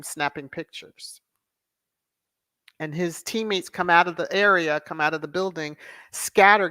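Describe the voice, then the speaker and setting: A woman hosting a livestream commentary show, talking slowly and emphatically in a lowish voice. She repeats single words for sarcastic stress. The sound is dry and close. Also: a bit bright, no echo. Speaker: host of a royal news commentary channel.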